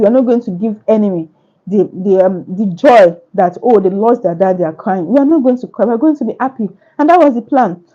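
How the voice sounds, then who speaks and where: A woman's voice: medium pitch, dark tone, lo-fi sound. A woman author answering questions at a book launch, speaking earnestly with repetitive, preacher-like phrasing.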